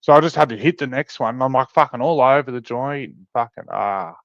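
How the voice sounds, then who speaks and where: A man's voice: medium pitch, fairly quick, slight background noise. Australian man swearing through a wild story. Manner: swearing-heavy, animated storytelling. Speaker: podcast co-host. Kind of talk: casual chat. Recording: dry, slightly dull sound.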